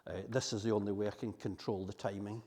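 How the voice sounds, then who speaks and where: A man's voice: on the low side, steady tone, fast, warm tone, husky. A Scottish man giving a public history talk to an audience in a hall, chatty and digressive while reading from his script. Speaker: local history speaker. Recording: long hall reverb.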